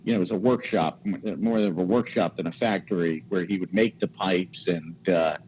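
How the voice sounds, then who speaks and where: A man in his forties, a guest cigar maker, telling stories in a casual, animated way and acting out quoted voices. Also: sits low, moderate pace, slight background noise, low-quality recording. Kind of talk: casual storytelling.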